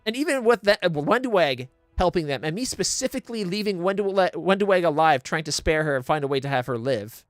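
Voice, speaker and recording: A man's voice: fairly high pitch, expressive, fairly quick, few pauses, no room sound, studio quality, soft background music. A man streaming a game blind, ranting in exasperated, profane casual commentary into a desk mic.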